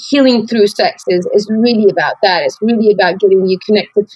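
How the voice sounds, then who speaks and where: A woman's voice: medium pitch, brisk, darkish tone, breathy edge, no echo, low-quality recording. A woman co-hosting a podcast, talking candidly and reflectively, with many fillers and restarts. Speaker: podcast co-host. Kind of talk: candid conversational chat.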